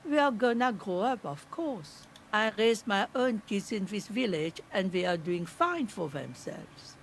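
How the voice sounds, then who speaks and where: Casting: a stubborn old landlady in a game, scolding and lively in tone. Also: mid-range voice, a little slow, a little hiss or hum. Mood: defensive. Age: older. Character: stern old grandmother landlady, distrustful.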